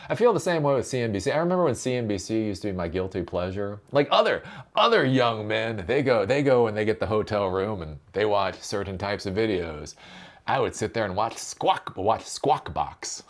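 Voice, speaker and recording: A low-voiced man delivering a solo tech rant, sarcastic and foul-mouthed. His pitch swings widely as he mocks, and he keeps circling back on his own phrases. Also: lively intonation, a little fast. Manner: sarcastic, profane, mocking; repeats phrases and rhetorical "right?". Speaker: tech commentary host. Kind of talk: ranting solo commentary.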